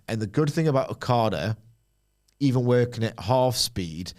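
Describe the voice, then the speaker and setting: A man co-hosting a wrestling podcast, rambling and jokey with quick asides. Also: fairly low pitch. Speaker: podcast co-host. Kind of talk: casual chat.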